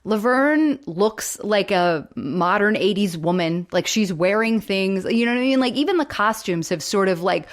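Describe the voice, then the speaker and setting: A woman's voice: medium pitch, expressive, moderate pace, hardly any pauses. A woman co-hosting a podcast, chatting casually as she retells a sitcom episode with lots of fillers. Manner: chatty, storytelling with many fillers. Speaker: podcast co-host.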